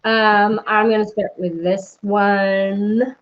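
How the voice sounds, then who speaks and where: A woman with a Southern US accent hosting a casual writing chat, effusive and quick to laugh. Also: medium pitch, flat delivery, dull audio. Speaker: host.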